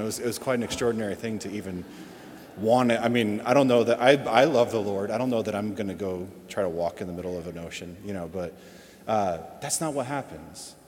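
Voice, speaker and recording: An earnest, reflective man reads the gospel aloud and then preaches on it. His voice sits on the low side. The sound carries a long, hall-like reverb, as from a church. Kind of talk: gospel reading and homily.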